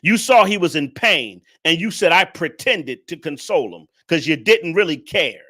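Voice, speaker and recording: Male commentary host, preachy lecturer, bright and somewhat high voice. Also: expressive, normal speed. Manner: preachy, lecturing, repeats points; addresses the audience directly. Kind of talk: reaction commentary on a clip.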